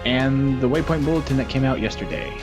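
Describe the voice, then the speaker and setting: A man's voice: mid-range voice, expressive, a little fast, over music. A man hosting a gaming podcast, chatting casually in a teasing, upbeat way and laughing often. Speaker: podcast host. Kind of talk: casual chat. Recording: dull lo-fi podcast audio.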